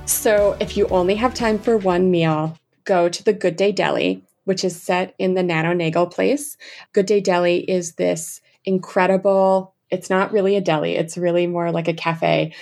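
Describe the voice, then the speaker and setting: A young adult woman chatting as an enthusiastic travel guest, full of fillers and quick asides. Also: lowish voice, fairly even intonation, darkish tone. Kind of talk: casual interview chat.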